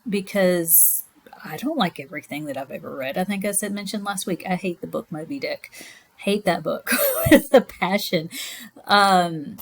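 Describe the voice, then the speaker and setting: Speaking in a mid-range voice, a female teacher who seems to be in her thirties or forties delivers a recorded class lecture. Her style is chatty and rambling, full of asides.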